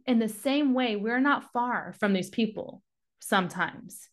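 A woman's voice: on the high side, a little slow. A woman giving a devotional Bible teaching, reading scripture aloud and then urging listeners on with rising passion. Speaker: devotional podcast speaker.

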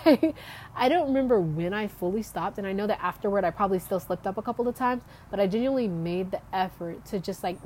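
A woman's voice: mid-range voice, darkish tone, a little hiss or hum. A young woman telling a casual faith testimony outdoors, chatty, with lots of "like" fillers and small laughs. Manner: chatty, frequent "like" fillers, laughs between thoughts. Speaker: faith vlogger.

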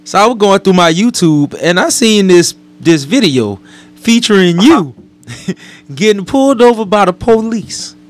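A man's voice: high voice, expressive, measured pace. A laid-back man hosting a casual radio talk show, laughing and asking his co-host questions.

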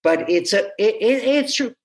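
A man who teaches, talking as a guest in an interview in a halting, animated way with frequent restarts. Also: sits high. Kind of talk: conversational interview.

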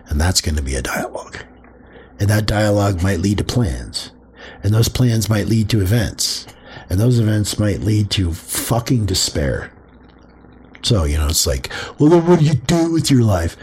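A man's voice: sits low, animated, moderate pace, a little mellow, a little hiss or hum. A man hosting a podcast, talking casually about spirituality, acting out quoted voices and swearing freely. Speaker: podcast host.

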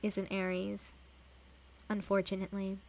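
A young woman chatting casually as a podcast co-host, rambling and animated as she gushes like a fan. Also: mid-range voice, moderate pace, vocal fry. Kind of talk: casual chat.

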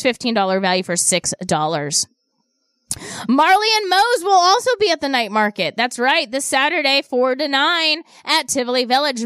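A woman with a high, bright-sitting voice hosts a radio shopping show. She talks up local deals in a chatty, repeating patter. The studio sound is dry and close. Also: clean tone, no echo. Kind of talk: upbeat radio deal pitch. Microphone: studio microphone.

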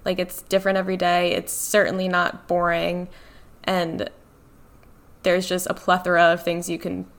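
A woman's voice: fairly low pitch, completely flat delivery, moderate pace, gravelly. A young woman, a guest in an interview, talking in a chatty, upbeat way, saying "like" a lot and laughing easily. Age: young adult. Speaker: guest in business development. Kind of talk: casual interview chat.

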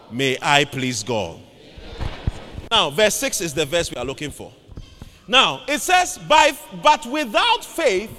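A man preaching a sermon, calling out to his congregation for responses and shouting key lines. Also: very high-pitched. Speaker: pastor. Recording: long hall reverb.

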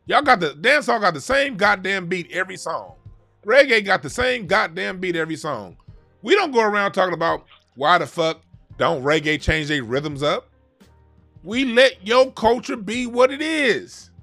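A man in a casual, heated chat, talking in a profane, animated way. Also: high-pitched, normal speed, vocal fry. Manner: animated, profane, mocks other music with sung sounds.

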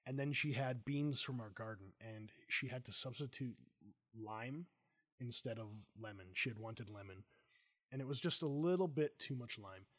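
Middle-aged male host, mid-range voice, dry sound, animated and chatty storyteller. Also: mid-range voice, normal speed, dry recording. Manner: animated storyteller, acts out quotes. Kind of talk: casual interview chat.

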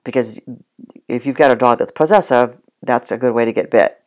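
Dog trainer talking you through it, plain and direct, lots of restarts, mid pitch. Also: a little fast, darkish tone. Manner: plain-spoken, repeats and restarts, addresses the listener directly. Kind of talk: casual spoken instruction.

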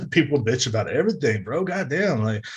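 Talking into a desk mic at home, with a street nearby, this US podcast host has a medium-pitched, slightly rough voice that stays very animated at a normal speed. His casual rant wanders, loaded with profanity and constant fillers.

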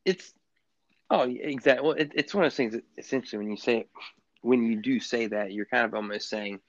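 A man co-hosting a sports podcast in casual chat, rambling with lots of halting restarts. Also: mid-range voice, no echo. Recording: dull, muffled lo-fi sound.

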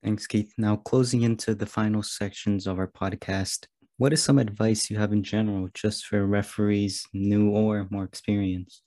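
A man's voice: fairly low pitch, level tone, normal speed, warm tone. A man hosting a podcast, asking brief, polite questions. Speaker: podcast host. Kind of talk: interview questions.

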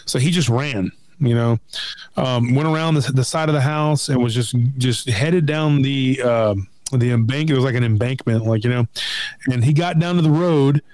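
A middle-aged man in casual conversation, retelling a story with lively acted-out quotes. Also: medium pitch, normal speed, no echo. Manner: animated retelling, acts out quoted voices.

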